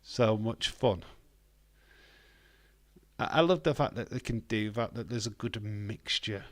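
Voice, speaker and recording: A man's voice: on the low side, measured pace, fairly bright tone, no room sound. A British man hosting a live watch-along, giving casual, blunt commentary and swearing freely. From Britain.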